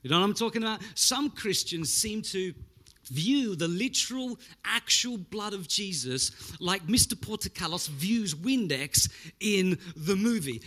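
A man's voice: sits high, a little slow. A man preaching a Pentecostal sermon, telling stories with animation and sound effects. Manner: animated storyteller, mimics spray sounds. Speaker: pastor.

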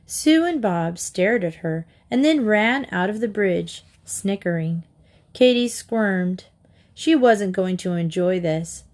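A woman narrating a children's novel aloud with a steady, gentle reading manner. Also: medium pitch, takes it slowly. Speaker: storybook reader.

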